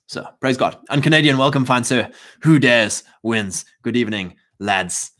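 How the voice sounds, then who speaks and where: A man's voice: mid-range voice, animated, normal speed, a bit bright. A South African man hosting a livestream in a fervent, rambling, preachy monologue, with many restarts and a lingering cough. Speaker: livestream host.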